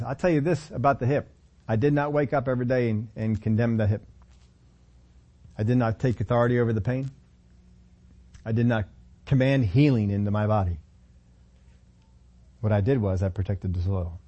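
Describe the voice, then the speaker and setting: A man's voice: medium pitch, mellow, highs cut off. A middle-aged man preaching a sermon as pastor, emphatic, repeating phrases and acting out quotes.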